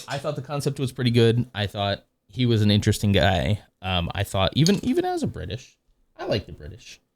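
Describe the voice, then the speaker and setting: A man's voice: lowish voice, sing-song, a little fast. A man streaming live, chatting casually while reacting to videos and reading chat, rambling and correcting himself often. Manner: rambling, self-correcting, reads chat aloud.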